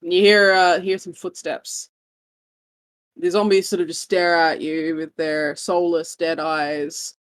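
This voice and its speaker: A woman, game master of a tabletop game, brisk and chatty in her narration. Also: lowish voice, level tone, no room sound.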